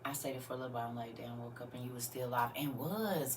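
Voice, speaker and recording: A woman's voice: a bass voice, fast, slight background noise. A woman hosting a casual livestream, chatting with viewers and often laughing as she answers their comments. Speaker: livestream host.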